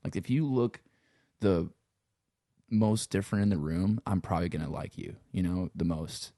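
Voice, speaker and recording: A man's voice: low-pitched, moderate pace, warm tone, no room sound, clean studio sound. A man from Louisiana with a Cajun accent, talking in a laid-back, rambling way and swearing freely in a casual conversation. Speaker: podcast guest.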